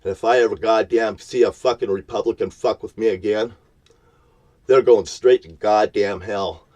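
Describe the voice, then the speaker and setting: A man's voice: on the low side, fairly even intonation, moderate pace, darkish tone, muffled recording. A man ranting at the camera from his parked vehicle in a profane, threatening, preachy tone. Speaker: vlogger.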